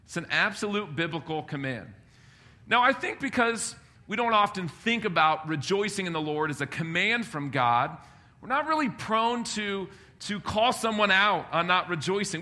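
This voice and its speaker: A man preaching to his congregation, emphatic and lively, with humorous asides. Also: high-pitched, normal speed. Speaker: pastor. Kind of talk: sermon.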